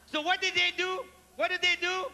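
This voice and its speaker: A man with a Cajun accent telling comic stories on stage, animated and mixing in French phrases as he asks the audience questions. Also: extremely high pitch, normal speed, vocal fry, a little hiss or hum. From Louisiana. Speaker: stand-up comedian. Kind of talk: live stand-up storytelling. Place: large theater stage before a live audience. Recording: live theater recording with hall reverb and faint ambience.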